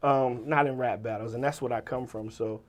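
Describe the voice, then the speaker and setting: Animated rapper telling stories. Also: male voice, mid-range voice, brisk. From Virginia. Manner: animated storyteller, swears freely, acts out the people he quotes. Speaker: rapper and writer, interview guest. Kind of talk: casual storytelling interview.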